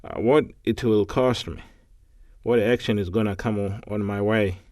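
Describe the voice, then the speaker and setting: A man with a Tanzanian accent reading English practice sentences aloud, halting and repeating words. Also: lowish voice, darkish tone, dry recording, studio quality.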